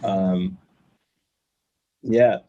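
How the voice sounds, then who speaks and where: A man guesting on a podcast, telling a long story in a casual, animated way and acting out the other people in it. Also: sits low, extremely slow, highs cut off. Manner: animated storyteller who acts out quoted voices and laughs between lines.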